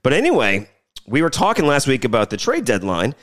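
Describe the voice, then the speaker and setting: A middle-aged man from South Louisiana co-hosting a podcast, telling rambling animated stories full of restarts and fillers. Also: medium pitch, brisk. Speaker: podcast co-host. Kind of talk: casual chat.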